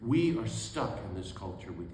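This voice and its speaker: A man in his sixties, a Catholic priest and author, narrates a story for an audience, voicing the people in it and laughing often. His voice runs on the low side and a little mellow, with big pitch swings at normal speed. Faint room noise sits in a very echoey hall.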